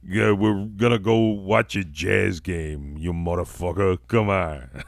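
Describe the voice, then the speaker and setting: Man doing a brash Utah-accented bro, pushy and profane, low register. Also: steady tone, slow, creaky, no echo, full character voice. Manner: pushy, swearing, loud.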